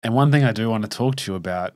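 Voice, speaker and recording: A man with a very deep voice hosts a casual interview, thoughtful and encouraging as he draws out his guest's story. The sound is dry and close. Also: racing, a little mellow, dry recording. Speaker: podcast host.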